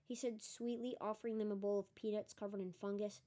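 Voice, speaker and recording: A woman reads a story aloud in a soft, mellow voice. She is not a polished narrator and breaks off now and then to chat about what she has just read. Her pitch sits in an ordinary middle range. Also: level tone, fairly quick. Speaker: reader. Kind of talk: audiobook reading with asides.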